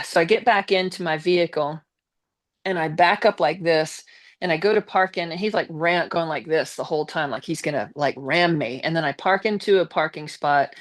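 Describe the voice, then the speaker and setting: A woman, a guest on a live stream, telling a personal story in a casual, animated way with blunt swearing. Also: low-pitched.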